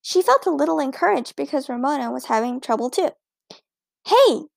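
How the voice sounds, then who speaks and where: A woman narrating a children's storybook in a lively, expressive way. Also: sits high, fast talker, gravelly, no room sound. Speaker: audiobook narrator.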